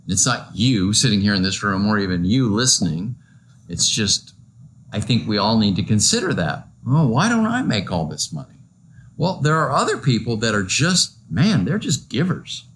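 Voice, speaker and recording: A man's voice: on the low side, sing-song, normal speed, fairly bright tone, a little hiss or hum. A male pastor giving a conversational, joking sermon full of rhetorical questions to his listeners.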